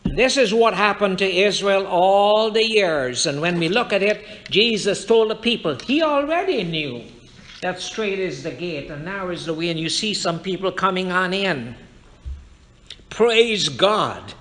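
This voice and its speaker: A man's voice: sits high, animated, measured pace, a bit bright. A man preaching a fervent sermon to his congregation in a church, quoting scripture and addressing listeners directly. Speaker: pastor. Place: church sanctuary.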